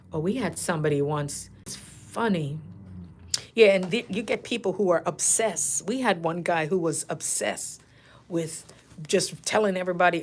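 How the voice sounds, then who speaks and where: A middle-aged woman tells stories in a relaxed, chatty way, her voice sitting a little low. She laughs easily and jumps into playful impressions of the people in her stories. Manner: animated, laughing, acts out patients' lines. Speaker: nurse coach and channel host. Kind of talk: casual storytelling.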